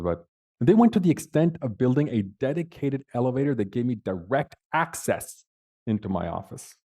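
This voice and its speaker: Guy with a kinda low voice telling his own story on a panel, really dramatic, punches the big moments. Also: warm tone. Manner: dramatic, vivid storytelling with big swings in emphasis. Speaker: panel speaker. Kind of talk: personal storytelling talk.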